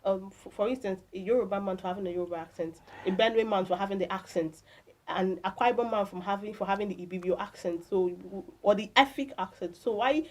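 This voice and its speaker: A woman's voice: medium pitch, fast, low-quality recording. A woman with a Nigerian accent co-hosting a morning radio show, chatting casually and reading out tweets with her own opinions. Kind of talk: casual breakfast show chat.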